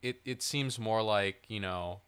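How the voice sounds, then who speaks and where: Man, podcast co-host, casual chat, rambling, slightly low voice, crisp sound. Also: a little slow. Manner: rambling, animated, swears, lots of "like".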